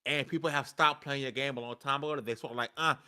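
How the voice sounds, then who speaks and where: Bright-voiced man ranting about a game. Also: mid-range voice, fairly even intonation, fast talker, smooth. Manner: emphatic, repeats himself when ranting. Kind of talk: casual gaming chat.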